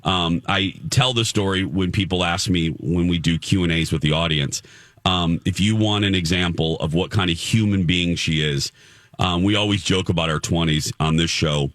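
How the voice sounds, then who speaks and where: A man's voice: low-pitched, moderate pace, a bit bright, dry recording, clean studio sound. A man in his thirties hosting a casual radio show, telling a heartfelt story with many restarts. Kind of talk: casual morning show chat.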